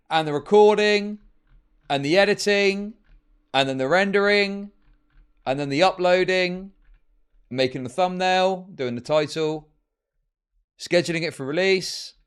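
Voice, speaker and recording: A man's voice: fairly low pitch, fast talker, pitched below the performer's own voice, lightly acted. A man mockingly voicing a whiny, self-pitying male video maker in an exaggerated sing-song. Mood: mocking whine.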